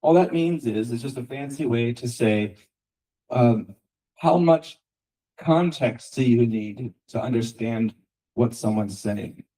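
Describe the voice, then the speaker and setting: An American man lecturing students in a loose, conversational way. His voice is mellow and warm. He keeps asking rhetorical questions and checks in with "okay" and "right". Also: mid-range voice, poor audio. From United States. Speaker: guest lecturer. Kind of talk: university lecture. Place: lecture room.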